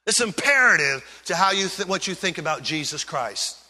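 Bright-voiced preacher in a big hall. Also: male voice, high voice, very animated, moderate pace. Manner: preaching with swings from loud emphasis to hushed earnest tones. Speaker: pastor. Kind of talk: sermon.

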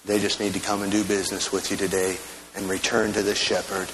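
A man preaching to his church in a somewhat low voice. He tells homely stories and then slows down for earnest pleas and prayer. Faint background noise sits under the sermon. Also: little pitch movement, fairly bright tone, low-quality recording. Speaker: pastor. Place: church sanctuary.

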